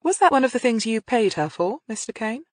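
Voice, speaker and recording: A narrator voicing a shrewd woman police inspector who asks crisp, probing questions. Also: a little high, animated, brisk, no room sound, pitched above the performer's own voice, lightly acted.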